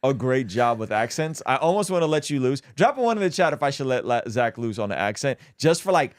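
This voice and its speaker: Male livestream host, lively pitch, animated banter, dry close mic. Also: dry recording. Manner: animated, quick to laugh, banter-driven. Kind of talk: casual livestream chat.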